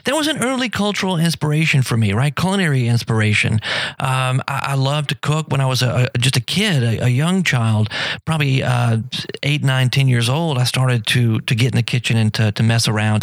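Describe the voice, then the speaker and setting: A middle-aged man hosts a live radio show, talking in a loose, rambling way full of fillers. His voice has a gravelly edge and sits at an ordinary pitch. The studio sound is dry and close. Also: dry recording. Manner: rambling, friendly, many fillers and restarts. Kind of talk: casual live radio talk.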